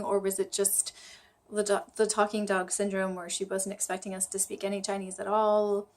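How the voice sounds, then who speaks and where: A woman vlogging about her study habits, chatty and self-deprecating, thinking aloud as she goes. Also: medium pitch. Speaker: vlogger learning Chinese. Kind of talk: casual vlog talk to camera.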